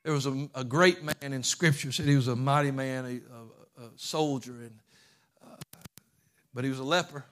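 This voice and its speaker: A man pastor preaching a fervent sermon, moving from quiet asides to shouting. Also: medium pitch, moderate pace. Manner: fervent, swings from hushed to shouting.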